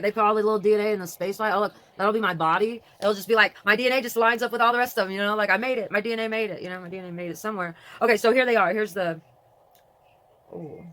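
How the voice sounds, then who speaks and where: An adult vlogger with a grown daughter, talking casually and reading aloud from a website. The talk rambles, interrupts itself, and swings between excitement and mourning. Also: medium pitch. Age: adult with a grown child.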